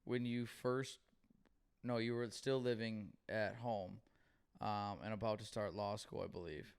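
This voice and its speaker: A man's voice: on the low side, steady tone, a little slow, smooth. A young man co-hosting a podcast, telling stories in casual chat with lots of swearing and acted-out dialogue. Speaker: podcast co-host.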